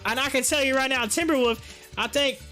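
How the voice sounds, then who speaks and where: A man hosting a casual live stream. He reads out viewer comments, talks in an animated way and laughs often. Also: very high voice, fairly quick, soft background music. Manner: animated, laughs often, drawls on his words. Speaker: livestream host. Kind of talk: casual livestream chat reading viewer comments.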